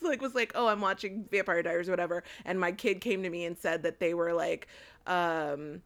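A woman's voice: lowish voice, normal speed, fairly bright tone. A young woman co-hosting a podcast in casual chat, giggling often, swearing freely and filling with "like" and "um". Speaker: podcast co-host.

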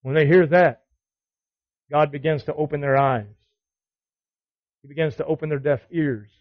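A man's voice: fairly high pitch, steady tone, moderate pace, no room sound, dull audio. A man teaching a Bible study to other men, exhorting them with repeated commands and rhetorical questions. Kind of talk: sermon.

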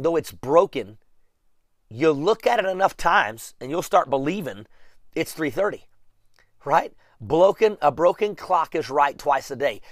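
A man's voice: fairly high pitch, no room sound, studio quality. A man preaching a sermon, talking emphatically, repeating phrases over and over as he builds up.

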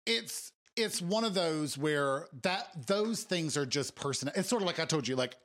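A man's voice: a little high, expressive, normal speed, a bit bright. A man in casual conversation, musing aloud and acting out quoted remarks. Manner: musing, acts out quotes in different voices. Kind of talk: casual chat.

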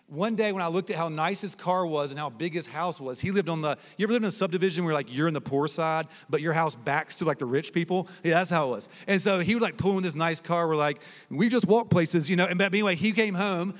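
Male guest preacher, slightly higher voice, animated storyteller, long hall reverb. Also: quick pace. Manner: animated, conversational storytelling that shifts to soft, low emphasis. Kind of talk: sermon with personal stories. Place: large hall at a college ministry gathering.

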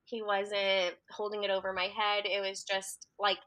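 A woman's voice: medium pitch, measured pace. A young woman telling a story in casual chat, laughing often as she talks. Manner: giggly, animated storyteller. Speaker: guest.

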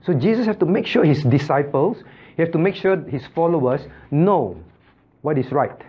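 Brief: male pastor leading a Bible class, animated pitch, muffled lo-fi sound, quizzes students by name. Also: normal speed, husky. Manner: calls on students by name, repeats points with checking questions. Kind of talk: Bible study teaching with questions to the class.

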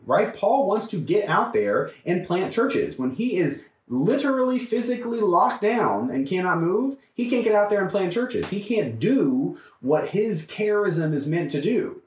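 A man, a priest, teaching a Bible study in an emphatic, animated way, often asking "right?" as he goes. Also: on the high side. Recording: echoey room, mic far off.

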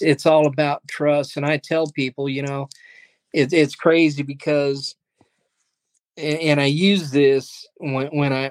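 A pastor and guest in a casual interview, speaking in an earnest, faith-driven storytelling way. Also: male voice, medium pitch, no room sound. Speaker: pastor and ministry leader, guest.

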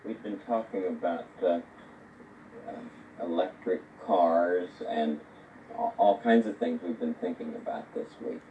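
An older man hosting a children's TV show, asking slow, soft, kindly questions in a gentle interview. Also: deep voice, phone-quality sound, slight background noise. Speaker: children's TV host. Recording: distant sound from a played TV clip with music.

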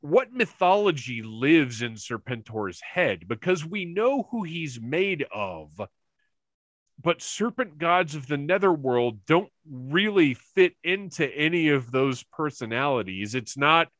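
A man co-hosting a casual chat show over a remote call, excitable and quick to laugh. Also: fairly high pitch, dry recording. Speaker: podcast co-host. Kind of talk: casual chat about a cartoon.

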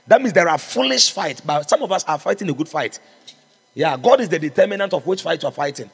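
A man's voice: fairly high pitch, sing-song, a little fast, creaky, husky, big-room sound. A man preaching a sermon as pastor, fervent and exhorting, calling out to his congregation. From Ghana.

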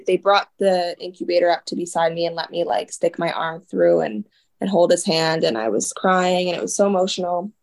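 A young woman, a podcast guest, telling an emotional story in rushed, looping phrases full of "like" and quoted asides. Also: fairly low pitch.

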